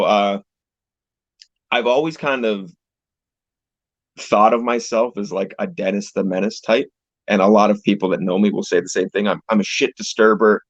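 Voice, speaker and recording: A man's voice: on the low side, dry recording. A young man from Canada, a pro wrestler, chatting casually as an interview guest in a laid-back, rambling way with casual swearing, heard over a video call. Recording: dull lo-fi call audio, dry.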